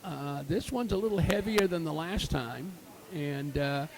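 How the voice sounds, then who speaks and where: A man's voice: fairly high pitch, unhurried, gravelly, darkish tone, low-quality recording. A man giving live curling commentary, explaining the game with many fillers and cheering good shots. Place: curling rink with crowd. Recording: crowd noise in an ice rink.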